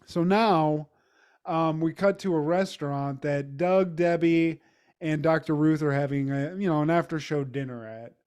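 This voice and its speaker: Rambling, profane man with a higher voice. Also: unhurried, darkish tone, smooth. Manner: loose, profane, rambling with many fillers. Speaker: podcast co-host. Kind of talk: casual recap chat.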